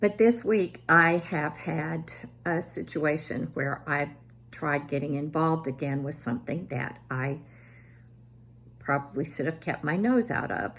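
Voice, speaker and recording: A woman's voice: low-pitched, a little slow, a little hiss or hum. A woman in her seventies telling family stories in a casual, self-deprecating vlog. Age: 70s. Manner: self-deprecating, animated when quoting family. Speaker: vlogger.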